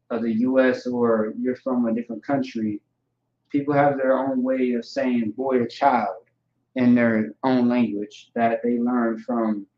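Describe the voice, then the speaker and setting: Guy teaching words over and over, lots of "all right" and "okay", echoey room, muffled lo-fi audio. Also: mid-range voice. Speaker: language teacher. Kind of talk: informal vocabulary lesson. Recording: echoey room, dull lo-fi sound.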